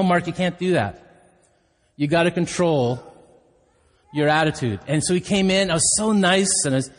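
A man's voice: high voice, a bit bright. A middle-aged man preaching a sermon as pastor, telling stories in a candid, self-deprecating way. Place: church hall. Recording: hall reverb.

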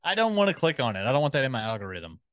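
A man's voice: medium pitch, big pitch swings, very fast, a bit bright, clean tone, dry recording. A man co-hosting a podcast in casual chat, rambling as he scrolls and reads out film listings. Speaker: podcast co-host.

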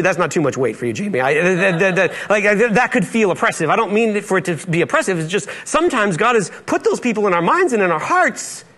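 A man's voice: high voice, very animated, fairly quick, hardly any pauses, a bit bright. A male pastor preaching a sermon in a church, playful and acting out Bible dialogue in different voices.

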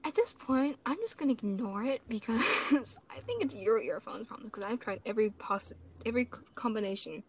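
A woman's voice: a little high, animated, brisk, few pauses, slight background noise. A woman hosting a casual podcast chat, talkative and easily flustered, laughing often, recorded through a phone. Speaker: podcast host. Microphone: phone speaker.

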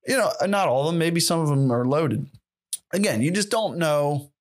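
A man's voice: a little high, expressive, moderate pace. A man hosting a solo podcast who rants in a rambling, profane and sarcastic way. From United States. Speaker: podcast host. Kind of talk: casual solo rant.

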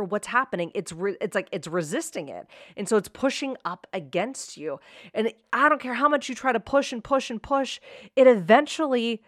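Female self-help host, lower register, upbeat and direct, dry booth sound. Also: a bit bright, no echo. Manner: upbeat, direct address to listener, rhetorical questions. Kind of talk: motivational self-help talk.

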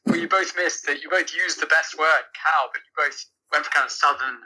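A man's voice: a little high, a little fast, sharp tone, breathy edge, poor audio. A man joining a podcast as a guest, teasing the hosts with dry remarks. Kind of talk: casual chat.

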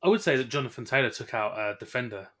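A man's voice: mid-range voice, expressive, fast talker, pushed and bright. A man co-hosting a casual sports podcast, joking and laughing often as he talks. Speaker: podcast co-host.

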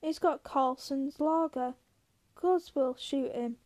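A woman's voice: high-pitched, slow pace, darkish tone. A woman reading the lines of a hot-headed young ranch man, barking angry threats in a storybook reading.

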